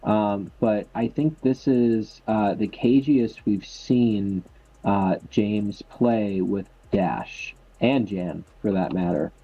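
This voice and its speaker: A man's voice: lowish voice, slow. A man giving color commentary on a tabletop miniatures game, hesitant and full of ums and uhs. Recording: dull lo-fi mic.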